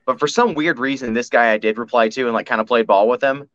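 A man guesting on a podcast in casual chat, telling an anecdote in a laid-back way and slowing down to stress details. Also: mid-range voice, a bit bright, dry recording, dull audio.

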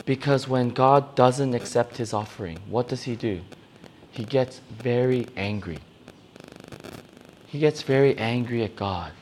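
A young man preaching a sermon to youth, animated, acting out the voices in his stories. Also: mid-range voice, unhurried, slight background noise. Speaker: youth pastor.

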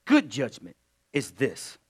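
A male pastor preaching a sermon in a call-and-response style, loud bursts one moment and low asides the next. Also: wildly swooping pitch, takes it slowly, breathy edge.

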